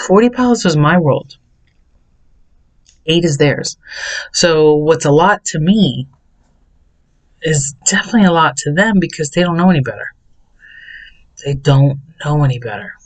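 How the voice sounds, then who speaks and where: Vlogger, male, unhurried delivery, confessional and repetitive. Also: on the high side, poor audio. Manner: rambling, repeats words in bursts. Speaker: self-help vlogger. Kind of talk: personal confessional monologue.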